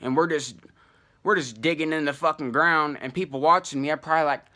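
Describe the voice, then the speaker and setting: A young man telling a wild personal story in casual, profane slang, full of fillers and animated asides. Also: a little high, fairly quick.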